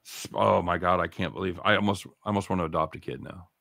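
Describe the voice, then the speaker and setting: Profane excitable male sports radio host. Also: sits low, gravelly, no echo. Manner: profane, excitable, laughs loudly. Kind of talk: casual sports talk banter.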